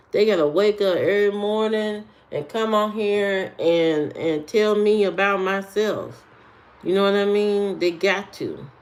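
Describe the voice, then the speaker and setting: Brief: woman streamer, sassy and unhurried, talks back at trolls in chat. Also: medium pitch. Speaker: live streamer. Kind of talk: casual live-stream chat answering comments.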